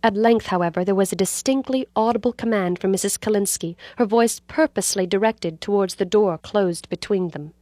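A woman reads a story aloud with measured, dramatic pacing, at a mid-range pitch. The sound is dry and close, with no room around it. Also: a little mellow, no room sound. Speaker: narrator. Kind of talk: scripted storybook narration.

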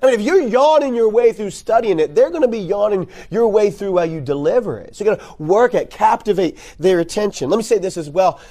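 Addressing youth ministry workers at a conference, a man speaks briskly in a high-pitched voice with few pauses. Animated and conversational, he jokes, repeats key words for emphasis, and keeps checking in with "right?"

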